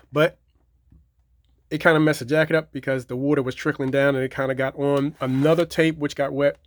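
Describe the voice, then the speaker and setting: Showing off his movie collection in his home theater room, a man whose voice runs on the high side talks casually and meanders. He says things more than once and leans heavily on fillers, with no echo in the audio.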